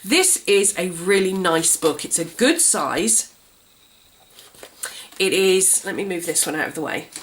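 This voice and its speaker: A woman's voice: on the low side, expressive, unhurried, long pauses, a little hiss or hum. Congested woman, chatty. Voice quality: slightly gruff. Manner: chatty, enthusiastic, self-described colouring book nerd. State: congested from a cold. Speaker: craft vlogger. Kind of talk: casual gift guide chat.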